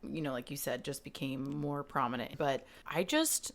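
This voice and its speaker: A woman's voice: extremely low pitch, moderate pace, gravelly. A woman co-hosting a podcast, chatting casually and enthusiastically about a film, swearing freely and acting out her reactions. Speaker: podcast co-host. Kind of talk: casual chat.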